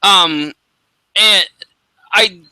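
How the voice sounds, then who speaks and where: A man chats casually on a talk radio show, stopping and restarting his sentences often. His voice is fairly high and very bright, and it is recorded close and dry with no room sound. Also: clean tone, no room sound, low-quality recording. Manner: halting, many restarts and fillers. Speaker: podcast co-host. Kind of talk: casual chat.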